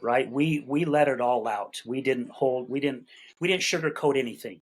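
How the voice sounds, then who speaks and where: A middle-aged podcast guest with a husky, medium-pitched voice speaks at a normal pace over a rough recording. He tells his story in a casual, folksy way, repeating words while he collects his thoughts and acting out quoted dialogue.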